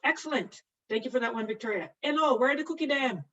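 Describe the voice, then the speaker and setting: Middle-aged woman, nursing lecturer, high-ish voice, chatty and laughing, lo-fi muffled recording. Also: animated, quick pace, pushed and bright. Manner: chatty, laughs often, answers students by name. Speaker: nursing instructor. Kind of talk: live online anatomy lecture. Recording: distant, dull lo-fi mic.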